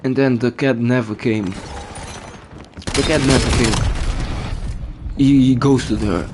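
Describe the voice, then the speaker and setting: A man's voice: mid-range voice, fairly even intonation, slow, background noise. A man venting while he plays a game, agitated, restarting and repeating words and swearing as he tells his story. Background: game audio and music.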